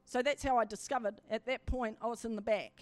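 A woman giving a sermon testimony, telling her story with animated storytelling that builds into fervent exhortation. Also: a little high, a little fast, no room sound. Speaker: preacher.

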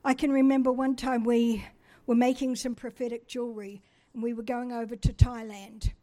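A woman's voice: fairly high pitch, flat delivery, normal speed, dark tone. A middle-aged woman from New Zealand telling a personal testimony in a chatty, self-deprecating way, acting out the dialogue as she goes.

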